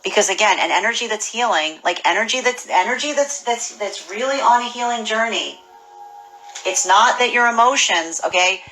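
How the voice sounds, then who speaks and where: A woman giving a casual spoken tarot reading, animated and full of restarts and repeated words. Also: mid-range voice, normal speed, poor audio. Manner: acts out imagined people's voices. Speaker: tarot reader.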